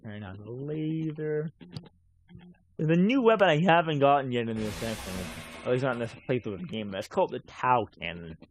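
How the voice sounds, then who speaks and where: Rambling male streamer, lively pitch. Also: fairly quick, a little hiss or hum. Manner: rambling, talks to himself, swears offhandedly. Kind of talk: casual gameplay commentary.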